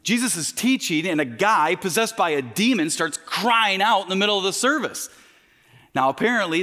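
A man's voice: high voice, sharp tone. A male pastor preaching a sermon, building his points through emphatic repetition.

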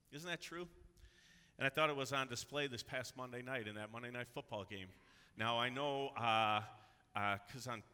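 Bright-voiced, emphatic male preacher. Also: mid-range voice. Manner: earnest and emphatic, rising to urgent exhortation. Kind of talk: sermon with scripture reading. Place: church sanctuary. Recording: long hall reverb.

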